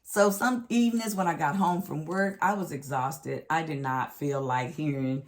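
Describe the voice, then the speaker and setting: A middle-aged woman, telling a family story in a casual, animated, expressive vlog. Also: deep voice, moderate pace. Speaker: vlog host.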